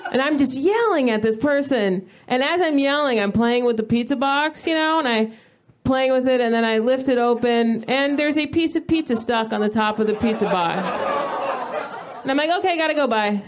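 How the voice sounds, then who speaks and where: Woman comic in her thirties, stand-up set, higher voice, animated storyteller who flares into mock rants. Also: normal speed, some chatter behind. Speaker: stand-up comedian. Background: audience laughter.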